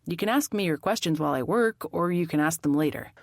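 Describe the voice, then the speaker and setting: Woman doing a polite, quietly firm young man, lower voice, dry recording. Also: animated, fast, dry recording. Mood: calm. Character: calm, self-assured young male bartender and mechanic.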